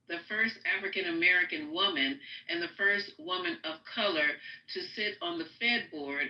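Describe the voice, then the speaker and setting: A woman hosting a live stream, reading a news article aloud with halting fillers in a casual way. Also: fairly low pitch, pushed and bright, echoey room, poor audio. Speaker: livestream host.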